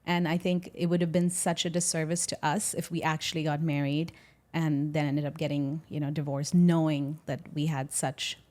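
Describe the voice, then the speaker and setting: A woman's voice: deep voice, little pitch movement, moderate pace, warm tone. A woman on a podcast talking openly and reflectively about a breakup, her sentences loose and full of "like" and "you know". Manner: open, reflective, fills speech with "like". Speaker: podcast co-host. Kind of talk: candid casual chat.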